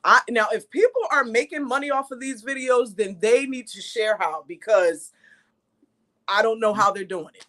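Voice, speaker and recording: A woman's voice: fairly high pitch, moderate pace, a bit bright. A middle-aged woman, a guest in a casual chat, speaking emphatically and repeating her phrases.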